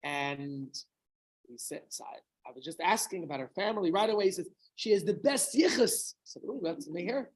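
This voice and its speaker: Fairly quick and a little high, a man's voice comes through a rough recording. He is a middle-aged rabbi telling a story informally to a small gathering, with conversational asides and questions to those listening.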